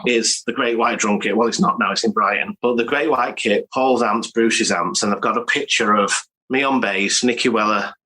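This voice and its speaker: Husky lowish-voiced English man, animated storyteller. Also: normal speed, low-quality recording. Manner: animated storyteller, swears, acts out quotes. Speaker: guest, collector. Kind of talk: casual interview chat. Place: home studio with archive.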